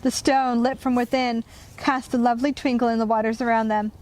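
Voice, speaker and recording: A woman narrating a children's storybook in a gentle, even read-aloud manner. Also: a little high, fairly quick.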